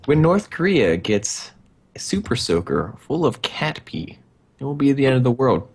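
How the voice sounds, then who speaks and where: A man's voice: mid-range voice, sing-song, moderate pace, darkish tone, breathy edge. A man in casual game chat, reading card combinations in a playful rhythm. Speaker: player.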